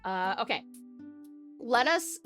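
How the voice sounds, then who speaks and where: Young aussie woman streamer, giggly and excitable, high lively voice, swears a lot. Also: takes it slowly, soft background music. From Australia. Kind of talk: casual live-stream chat.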